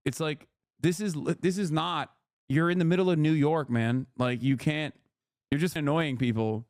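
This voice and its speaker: A man's voice: a little high, normal speed, a little mellow, dry recording, studio quality. A man streaming live, reacting to videos in loose, sarcastic casual commentary and laughing as he talks.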